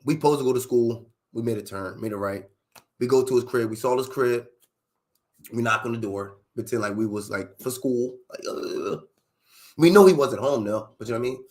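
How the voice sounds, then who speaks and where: A man's voice: medium pitch, brisk, a little mellow. A man casually telling a personal story in loose, profane street slang, full of fillers.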